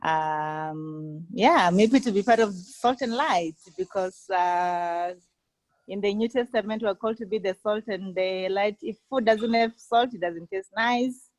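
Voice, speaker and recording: A South African woman in her forties with a South African accent, introducing herself on a video call in an unhurried way. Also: medium pitch, a little mellow, no echo, low-quality recording. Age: 40s. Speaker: forum participant.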